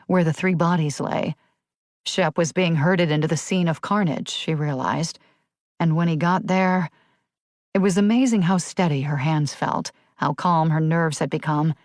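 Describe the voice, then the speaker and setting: A woman narrating a crime thriller audiobook in a steady, measured read. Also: deep voice, dry recording, clean studio sound.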